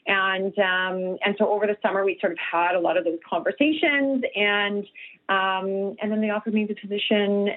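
A middle-aged woman from Canada, a nutritionist talking earnestly as an interview guest over the phone, with many restarts and fillers. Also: mid-range voice. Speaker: guest, nutritionist and health coach. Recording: tinny phone line.

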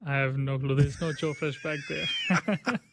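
A man's voice: on the high side, unhurried, creaky, noisy background. A man from India, a guest on a radio talk show, giving plain, matter-of-fact answers. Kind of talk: casual radio chat.

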